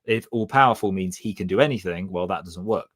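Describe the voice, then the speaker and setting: Chatty low-voiced Southeast English man. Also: fairly quick, a bit bright. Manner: chatty, rambling, laughs often. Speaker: streamer reacting to a debate video. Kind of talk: casual live-stream commentary.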